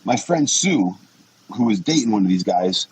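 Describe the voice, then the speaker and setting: A former wrestler in his forties guests on a podcast, casually rambling through blunt, profanity-heavy stories. His lowish voice is expressive and a little mellow at a normal speed, and the poor audio has a faint hiss or hum.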